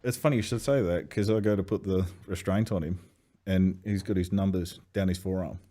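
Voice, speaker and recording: A man, telling swearing, animated anecdotes as a podcast guest. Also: deep voice, fairly quick. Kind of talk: casual storytelling chat.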